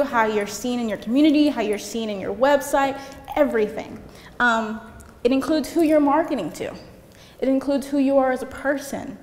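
A young woman giving a seminar talk, fast and chatty, laughing often, through a mic in a conference hall. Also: sits high, a little mellow. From United States. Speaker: seminar presenter. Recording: echoey hall with faint noise.

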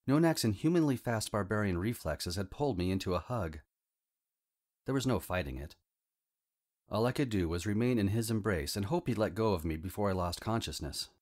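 Low, lively male audiobook narrator. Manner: wry, humorous storytelling as a teenage wizard. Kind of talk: first-person scripted narration.

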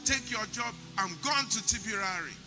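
A man's voice: high-pitched, lively intonation, normal speed, long reverb tail, music in the background, pitched above the performer's own voice. A man voicing a terrified male servant who is fleeing death and keeps repeating himself. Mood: panicked.

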